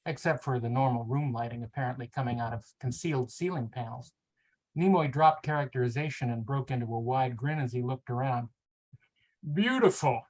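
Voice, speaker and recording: A man's voice: medium pitch, rough recording. Podcast host man reading aloud. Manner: reads narration steadily, chats with many fillers. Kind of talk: casual chat and reading aloud.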